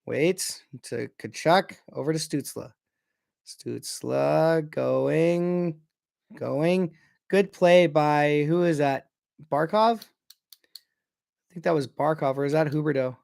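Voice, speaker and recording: A young man gives casual, excitable play-by-play of a hockey game as a fan, often stopping to correct himself about who has the puck. His voice sits a little high with a gravelly edge. The sound is dry and close. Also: unhurried, dry recording. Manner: excitable, self-correcting, unsure of player names. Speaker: fan commentator.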